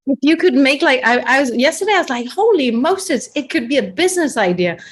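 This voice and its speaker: A woman with an Italian accent hosting a casual group video call, playful and quick to laugh. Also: sits high. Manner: playful, laughs often, animated asides. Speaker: host of group coaching call.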